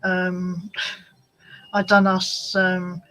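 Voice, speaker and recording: Slow, chatty woman with a bright voice. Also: fairly low pitch, monotone, poor audio. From United Kingdom. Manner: rambling, chatty, talks to commenters by name. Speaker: craft channel host. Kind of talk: casual live-stream chat with viewers. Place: at home.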